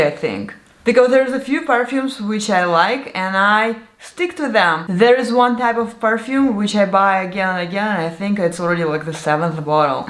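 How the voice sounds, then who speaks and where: A woman's voice: mid-range voice, a bit bright. A woman from Siberia, chatting candidly about products she liked in a casual vlog. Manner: chatty, candid, laughs often. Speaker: vlogger. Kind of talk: casual product review chat. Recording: echoey room.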